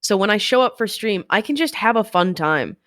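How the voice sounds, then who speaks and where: A woman's voice: mid-range voice, expressive, brisk, a bit bright, no echo, studio quality. A woman streamer chatting candidly as an interview guest, rambling a little and laughing often. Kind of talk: casual interview chat.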